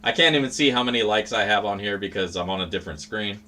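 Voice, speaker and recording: A man's voice: on the low side, fast, pushed and bright, a little hiss or hum. A man hosting a livestream, chatting casually in a rambling, profane, laid-back way. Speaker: livestream host.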